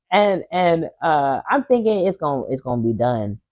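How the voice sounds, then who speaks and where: A man's voice: on the high side, measured pace, dry recording. A man co-hosting a podcast, telling a story in casual chat, laughing often and acting out the people in it. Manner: animated, laughs often, acts out voices in stories. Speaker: podcast co-host.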